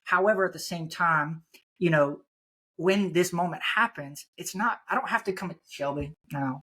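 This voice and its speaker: A man's voice: high voice, moderate pace, bright, forceful tone. A man in his thirties hosting a faith podcast, talking loosely with lots of "you know" and "like.". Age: 30s. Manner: conversational, many fillers like "you know" and "like". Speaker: podcast host. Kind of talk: casual interview chat.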